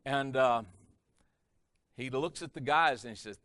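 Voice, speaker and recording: Storytelling pastor, dry close sound. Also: male voice, medium pitch, a little slow, pauses often, dry recording. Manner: animated, varies loudness for effect. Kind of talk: sermon storytelling. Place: church or conference hall.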